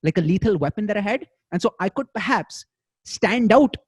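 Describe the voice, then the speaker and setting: A young Indian-accented man hosts a podcast at a rapid clip. His voice sits a little high for a man and sounds dry and close, with no room around it. He is animated, swears casually and doubles up words as he talks. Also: husky, no room sound. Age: young adult. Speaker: podcast host.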